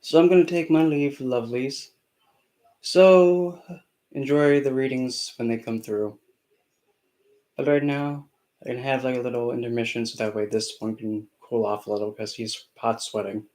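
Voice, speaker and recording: A man's voice: mid-range voice, steady tone, normal speed, darkish tone, low-quality recording. A man channeling a spirit on a live stream, talking in a sassy, scolding way and calling listeners honey.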